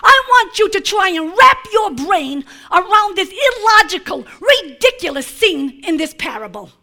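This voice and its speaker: A woman preaching a sermon, moving from hushed, tender passages to shouted declarations, with playful, laughing asides. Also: very high voice, sing-song, unhurried.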